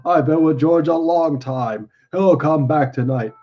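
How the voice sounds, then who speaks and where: A man voicing a big, childlike and anxious simple-minded man, slow and plaintive, on a dull lo-fi recording. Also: a little high, voice pushed up.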